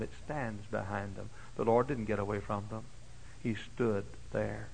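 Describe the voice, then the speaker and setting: An older man preaching a folksy sermon. He tells stories dramatically, moving from hushed asides to high, shouted exclamations. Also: steady tone, normal speed, creaky, breathy edge, poor audio. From Dallas, Texas. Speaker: pastor. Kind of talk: sermon with personal storytelling. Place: church.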